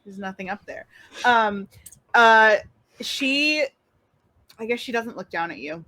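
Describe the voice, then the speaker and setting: A woman playing a tabletop game, narrating haltingly with frequent giggles. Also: on the high side, expressive, bright, forceful tone, no room sound. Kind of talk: casual role-play narration.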